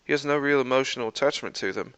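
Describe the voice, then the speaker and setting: A man voicing a scheming male trickster god who speaks quietly, idly and measured. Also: medium pitch, clean tone, dry recording, close to an everyday voice, low-quality recording. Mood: calm.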